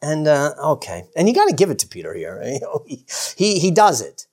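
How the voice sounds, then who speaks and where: A man teaching the Bible in a casual, animated way. He often chuckles, restarts his sentences and acts out the characters' lines. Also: fairly high pitch, brisk. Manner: rambling with many restarts and "you know".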